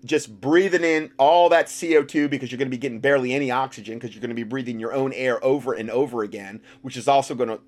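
A man giving sarcastic commentary while reading documents, mocking the text and rising to loud outbursts. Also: medium pitch, steady tone, fast talker, few pauses. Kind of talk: sarcastic commentary with read-out passages.

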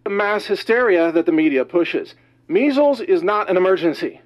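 Male commentator, high-ish voice, winded, urgent rapid-fire delivery, muffled lo-fi recording. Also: lively intonation. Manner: rapid, alarmed, emphatic delivery. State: out of breath. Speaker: news commentator. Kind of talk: urgent news monologue.

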